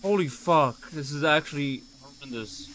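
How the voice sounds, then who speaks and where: Man, a bit high-pitched, live game streamer, profane and fed up, shouting for his teammate. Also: normal speed, a little hiss or hum. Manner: profane, exasperated, keeps calling out to a teammate. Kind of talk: live gameplay commentary.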